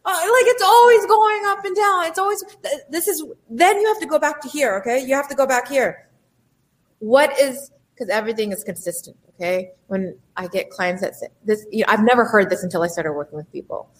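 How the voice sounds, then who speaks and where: Brief: female life coach, expressive and emphatic, a touch high-pitched, motivational delivery. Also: a little fast. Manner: animated, emphatic, acts out inner voices. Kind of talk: motivational talk.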